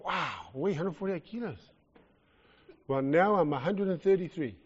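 Animated New Zealand preacher, lo-fi recording. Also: male voice, fairly high pitch, normal speed, husky, long reverb tail. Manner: animated, jokey, swings from loud to soft. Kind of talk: sermon. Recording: lo-fi muffled recording.

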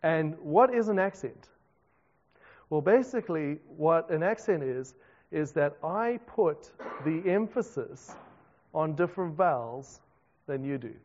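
In a dull, echoing hall recording, a South African pastor gives a chatty sermon peppered with jokes at his own expense. His voice is fairly high and darkish in tone, with lively intonation at a measured pace.

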